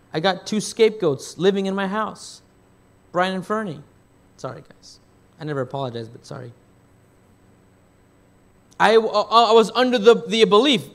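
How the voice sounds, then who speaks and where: A male pastor preaching a sermon, telling stories with big swings between loud and hushed, often repeating words as he restarts. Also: high-pitched, normal speed, pauses often. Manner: animated storytelling with big swings in loudness.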